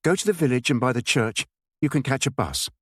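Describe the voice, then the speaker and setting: A man voicing a frightened woman who speaks in a hurried, nervous way. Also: medium pitch, animated, a bit bright, breathy edge, no room sound, clean studio sound, voice pushed up. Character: frightened woman on a lonely coast, tense.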